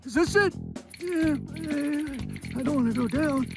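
A fussy, forgetful old cartoon hero, squeaky-high and quavering, pottering along with constant "uh"s. The music underneath is loud. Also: huge pitch swings, slow pace, creaky, exaggerated voice. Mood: doddering. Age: old figure.

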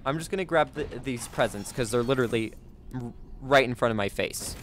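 A man giving let's play commentary, jumpy and excitable, gasping and yelping at scares. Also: mid-range voice, a little fast, slight background noise. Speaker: gaming YouTuber.

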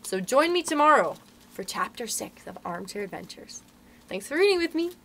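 A young adult woman, a librarian, reading a story aloud to children in an expressive, animated way. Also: fairly high pitch, moderate pace, a little hiss or hum.

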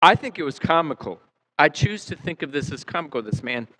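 A male pastor preaching a sermon in a church, acting out quotes and swinging between loud and soft. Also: fairly high pitch, sing-song, a little fast, poor audio. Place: church sanctuary.

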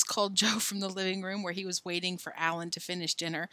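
A woman reading a children's book aloud, expressive and friendly toward young listeners. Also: on the low side, quick pace, few pauses, no room sound.

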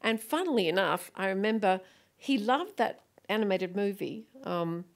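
A middle-aged woman, a film director, telling lively anecdotes on stage and often acting out other people's voices with laughter. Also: mid-range voice, moderate pace. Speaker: guest author and film director. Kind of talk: stage conversation, anecdotal storytelling.

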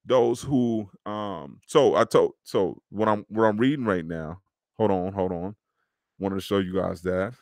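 A man's voice: lowish voice, a little slow, a little mellow, dry recording, clean studio sound. A man hosting a podcast, talking in a casual, slangy, preachy way to his listeners. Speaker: podcast host. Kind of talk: motivational podcast monologue.

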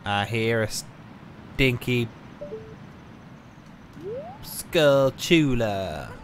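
A man's voice: medium pitch, lively intonation, a little slow, a bit bright, soft background music. A man playing a video game and giving goofy, self-mocking, rambling let's play commentary. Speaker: gaming youtuber.

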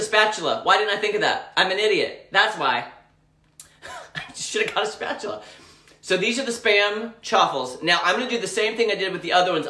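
A man's voice: sits high, bright, forceful tone, echoey room, recorded from a distance. A man chatting bubbly and gushing while he cooks on a live stream from his home kitchen. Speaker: home cooking vlogger. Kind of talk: live cooking stream chat.

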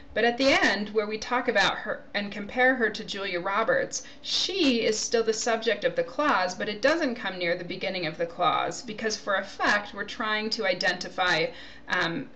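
A woman's voice: mid-range voice, a bit bright, slight background noise. A woman giving a recorded grammar lecture, explaining points through spoken example sentences and checking in with "okay?". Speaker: grammar teacher.

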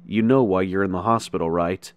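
A man voicing a blunt, gruff cowboy stranger in his fifties in a spoken horror story. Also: sits low, a little fast, dry recording, lightly acted. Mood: menacing. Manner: blunt, gruff, calls him boy.

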